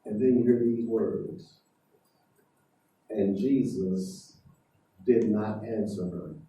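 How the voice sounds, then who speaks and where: Slow, dark-voiced preacher in an echoey hall. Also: male voice, lowish voice, fairly even intonation, recorded from a distance. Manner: emphatic, asks the congregation questions. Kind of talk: sermon. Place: church hall. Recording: echoey hall heard from afar.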